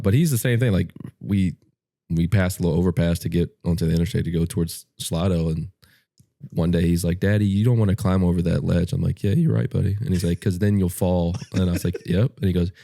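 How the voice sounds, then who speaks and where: A man's voice: low voice, steady tone, quick pace, gravelly, mellow, no echo, clean studio sound. A man, co-hosting a podcast and telling family stories while laughing now and then. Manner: storytelling, laughs while talking. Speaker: podcast co-host. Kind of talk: casual chat.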